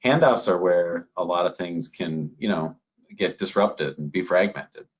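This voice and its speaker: Low male voice, Minnesota accent, doctor guest, folksy and easygoing, muffled lo-fi audio. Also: a little slow, husky. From northern Minnesota, USA. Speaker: chief medical officer, guest. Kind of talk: conversational interview.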